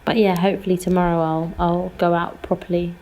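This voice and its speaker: A young woman tells stories in a casual podcast chat, quick and full of slang. Her voice is mellow and fairly low, with a relaxed, dark tone. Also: slight background noise. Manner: animated storyteller, slangy and quick. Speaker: podcast co-host. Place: calling in from abroad.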